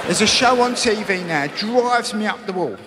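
A man's voice: high-pitched, lively intonation, moderate pace, very noisy. A man doing a stand-up routine, mocking and chatty with tag questions. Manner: mocking, conversational with asides. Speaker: stand-up comedian. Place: large live venue. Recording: live in a large echoing hall with audience.

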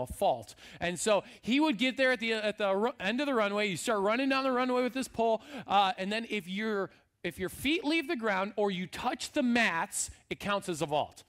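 A man's voice: sits high, fairly bright tone. A young man preaching a sermon as pastor, in a casual, humorous storytelling way. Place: church sanctuary.

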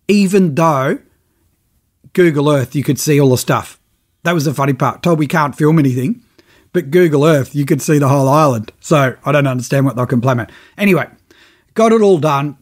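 A middle-aged podcast host shares a travel story in a loose, easygoing, conversational way, his voice a bit high for a man. He's animated, acting out the other people's lines in his own voice with quick snippets of dialogue.

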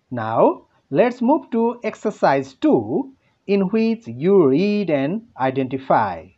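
A man with a Nepali accent teaching an English lesson, speaking slowly and deliberately, asking his pupils questions and answering them himself. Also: on the high side, dark tone. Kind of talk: classroom lesson narration. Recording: dull lo-fi home recording.

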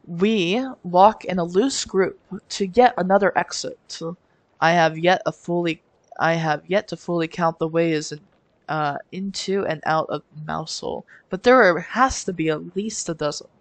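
A woman's voice: on the low side, normal speed, no room sound. A woman streamer reading a visual novel aloud with her own asides, giggling and stumbling over words now and then. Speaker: let's play streamer.

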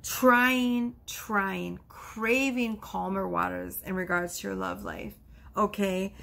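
A woman's voice: medium pitch, steady tone, takes it slowly, vocal fry, a bit bright. A woman giving a casual tarot card reading, chatty and reassuring, with frequent exclamations. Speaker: tarot reader.

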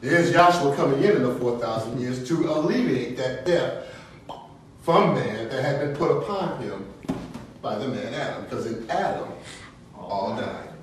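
A man teaching an informal Bible study class, talking casually and getting animated and high-pitched when worked up. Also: normal speed, slight background noise. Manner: animated, laughing storyteller, rises high when excited. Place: classroom or meeting room. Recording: echoey room from far off.

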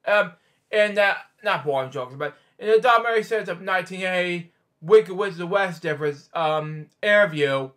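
A man with a bright, slightly high voice reads a bedtime picture book aloud. He stumbles, restarts words and wanders off into chatty asides between pages. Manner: rambling, stumbling, many restarts and side comments. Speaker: storyteller host.

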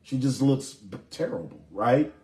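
A man's voice: mid-range voice, lively intonation, a little slow, dark tone. A man preaching a sermon, reading scripture aloud and checking in with his listeners in a conversational way. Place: church in Chicago. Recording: echoey room.

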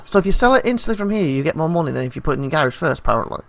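A man's voice: on the high side, expressive, rapid-fire, vocal fry, hardly any pauses. A man hosting a let's play, giving casual gameplay commentary and thinking aloud as he asks viewers questions. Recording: noisy home recording.

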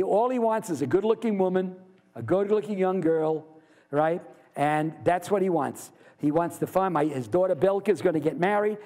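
A man giving a university literature lecture, lively and posing rhetorical questions to his class. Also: sits high.

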